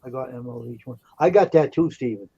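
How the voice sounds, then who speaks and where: A man's voice: medium pitch, a little fast, dark tone, husky, lo-fi sound. A man chatting on a live stream, greeting viewers by name and talking about his plans. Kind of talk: casual chat.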